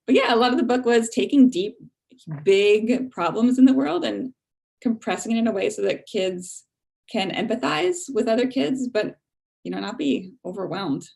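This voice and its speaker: Woman panel author, gravelly fry, casual, fillers. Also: fairly high pitch, expressive, normal speed, a little mellow. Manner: casual, fillers like "like" and "you know". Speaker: graphic novel author on a panel. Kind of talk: panel discussion.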